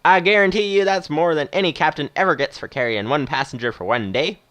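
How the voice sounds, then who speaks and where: Man voicing retired old spacer with a cowboy drawl, folksy, game voice, pitched up a bit. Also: fast talker, fairly bright tone, close to an everyday voice. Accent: Western movie drawl. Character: old retired male starship captain, cheerful.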